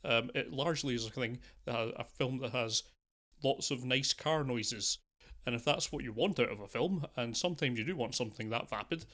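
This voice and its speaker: A man's voice: mid-range voice, moderate pace, a bit bright. A man co-hosting a film podcast, easygoing and mildly sardonic as he rambles on. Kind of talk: casual film discussion.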